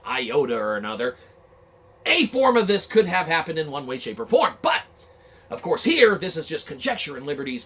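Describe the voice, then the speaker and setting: A man's voice: on the high side, fairly bright tone. A man hosting a comedic gaming news show, rambling and cursing freely as he jokes. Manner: profane, rambling, joking. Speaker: podcast host.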